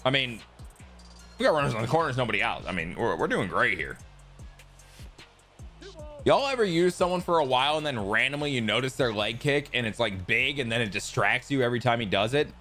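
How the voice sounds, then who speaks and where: A young man commentating his own video game in a casual way, his voice leaping from mumbled asides to sudden loud yelps. His tone is bright and forceful, and faint game music plays underneath. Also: medium pitch, a little fast. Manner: excitable, swings from loud outbursts to mumbling asides; self-deprecating jokes. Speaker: gaming YouTuber.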